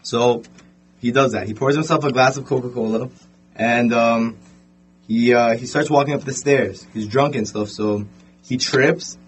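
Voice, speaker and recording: A young man telling a story in a casual podcast chat, animated and full of fillers. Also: medium pitch, a little slow, slight background noise.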